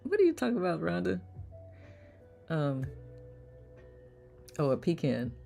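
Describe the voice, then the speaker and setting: A woman's voice: fairly low pitch, wildly swooping pitch, measured pace, gravelly, dark tone, soft background music. A woman hosting a live online circle, reading comments aloud in a playful manner and laughing often. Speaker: host of online community circle. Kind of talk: casual live-stream chat reading comments.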